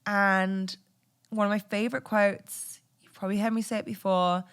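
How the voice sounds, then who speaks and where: A podcast host talks through her own story in a relaxed confessional monologue. She is blunt and candid, drops swear words freely, and laughs often between her thoughts. Her pitch sits in the middle for a woman. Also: moderate pace, smooth.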